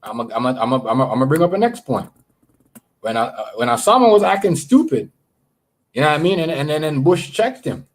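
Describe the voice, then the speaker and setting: A man's voice: fairly high pitch, big pitch swings, a little fast. A man chatting casually on a livestream, rambling and swearing, often repeating words as he talks to his viewers. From Canada. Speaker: live streamer.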